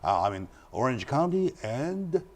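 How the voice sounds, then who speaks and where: A man hosting a studio talk show, introducing a guest and speaking in halting phrases with many restarts. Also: mid-range voice, sing-song.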